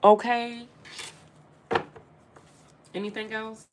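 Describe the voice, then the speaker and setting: A woman's voice: a little high, flat delivery, very slow, noisy background. A woman giving a casual spiritual tarot reading straight to her viewers, emphatic and repeating her phrases as she addresses them directly. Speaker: tarot reader.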